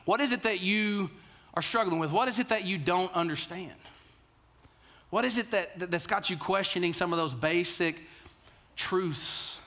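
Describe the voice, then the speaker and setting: Speaking at a normal pace with a fairly high voice, this thirty-something pastor preaches in an earnest, conversational way. He trips over repeated words, then sinks into a quiet, low delivery to drive key points home.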